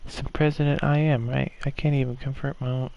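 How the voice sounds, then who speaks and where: A man voicing a poised teenage girl who leads a school club, speaking softly in a gentle, apologetic way. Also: mid-range voice, level tone, a little fast, vocal fry, muffled recording, natural voice.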